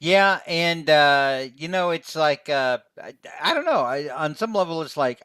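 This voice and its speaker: A man's voice: a little high, lively intonation, unhurried, bright, forceful tone, clear, resonant tone, no room sound. A man recapping a comic fight in casual chat, rambling and joking with many fillers. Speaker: podcast co-host.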